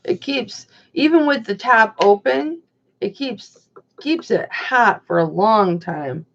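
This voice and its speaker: A woman's voice: a little high, lively intonation, slow pace. A middle-aged woman, hosting a casual livestream chat and reading viewer comments aloud. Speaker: livestream host. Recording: dull lo-fi sound.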